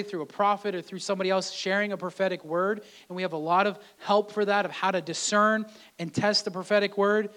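A man's voice: sits high, a bit bright. A man preaching a sermon in a conversational way, often repeating and restarting his words. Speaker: pastor.

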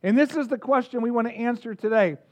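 A man preaching a sermon, energetic, drawing the congregation in with questions and call-outs. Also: extremely high pitch, quick pace. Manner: energetic, engages the audience with questions. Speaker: pastor.

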